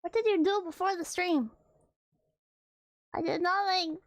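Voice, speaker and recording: A woman's voice: very high voice, unhurried, dry recording. A young woman streamer reading a horror story aloud between chat to viewers, flustered and giggly, stumbling over words.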